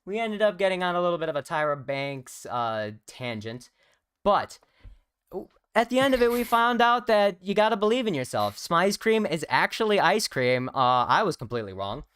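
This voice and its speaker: A man's voice: high voice, very animated, moderate pace, fairly bright tone, clean tone, no echo. A young man co-hosting a casual livestream, joking and rambling with lots of fillers. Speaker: co-host.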